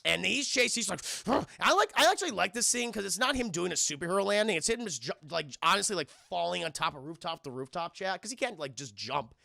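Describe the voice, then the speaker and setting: Guy riffing on a movie to his stream chat, super gravelly, bright voice, bouncy delivery. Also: high-pitched, fast talker, few pauses, dry recording, studio quality. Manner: animated, addresses chat constantly, crude jokes, acts out characters. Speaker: film reviewer streaming to live chat. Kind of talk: casual comedic scene-by-scene film recap.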